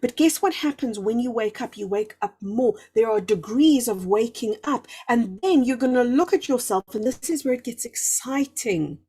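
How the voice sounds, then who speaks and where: A woman's voice: a little high, lively intonation, moderate pace, few pauses, mellow, husky. A woman hosting a live spiritual talk, effusive and encouraging, drawing out emphatic words and answering viewers' comments. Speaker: spiritual livestream host.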